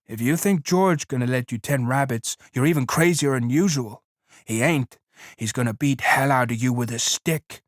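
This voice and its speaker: A man's voice: mid-range voice, normal speed, no echo, clean studio sound, close to an everyday voice. A man voicing a scornful imaginary rabbit that taunts in a contemptuous rural drawl. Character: scornful giant imaginary rabbit, male, mocking.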